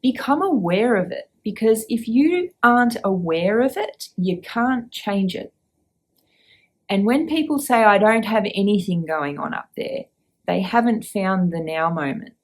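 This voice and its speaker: Slow-paced gentle woman podcaster. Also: mid-range voice, expressive. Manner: gentle, unhurried, asks the listener questions. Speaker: podcast host. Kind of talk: reflective podcast monologue with guided check-in.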